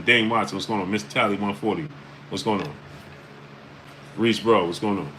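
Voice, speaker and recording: A man with a New York accent and a very low voice hosts a casual live stream, rattling off viewer names with quick greetings. He speaks bluntly and with emphasis, and a faint hum sits behind him. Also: lively intonation. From Brooklyn, New York.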